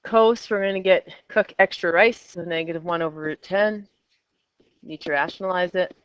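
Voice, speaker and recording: A woman's voice: fairly low pitch, normal speed, smooth, no echo, dull audio. A woman teaching a math class, chatty and coaxing her students with questions. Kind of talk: classroom lecture.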